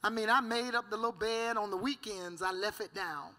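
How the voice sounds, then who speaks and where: A woman's voice: medium pitch, a little fast, pushed and bright. A woman giving a preached church testimony, fervent and storytelling, breaking in with amen and hallelujah and often laughing.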